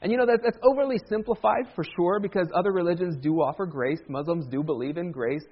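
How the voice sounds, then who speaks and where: A man's voice: high voice, fast talker, slightly rough, muffled recording. A man preaching a sermon as a pastor, talking in a conversational way with humorous asides.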